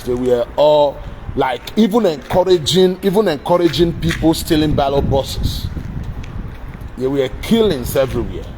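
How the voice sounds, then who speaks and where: A man's voice: fairly high pitch, a little mellow, slight background noise, rough recording. A man with a Nigerian accent giving a blunt political monologue, speaking straight to the president and repeating his points. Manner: blunt, repetitive, addressing the president directly. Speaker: political commentator. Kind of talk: direct-address political monologue.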